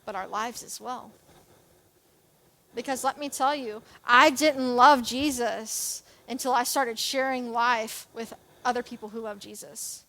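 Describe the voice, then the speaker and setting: High-voiced young woman preaching, chatty and jokey. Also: unhurried. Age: young adult. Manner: chatty, self-deprecating, animated with jokes and asides. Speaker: church youth and kids leader. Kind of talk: sermon.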